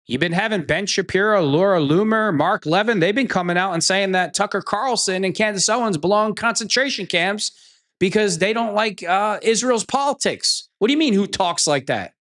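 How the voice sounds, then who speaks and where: A man's voice: sits high, expressive, moderate pace, a bit bright. A man hosting a commentary show, ranting sarcastically and with profanity as he reacts to clips.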